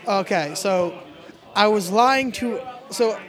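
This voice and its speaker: A man's voice: high voice, takes it slowly, fairly bright tone. A man, a stand-up comedian, telling stories in a rambling, self-deprecating way during a casual chat.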